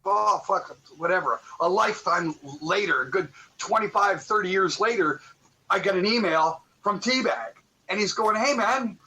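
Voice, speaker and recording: A man with a high, bright voice tells a long story on a casual interview show. He swears freely and acts out each line of quoted dialogue. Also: normal speed, slight background noise, rough recording. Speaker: guest musician.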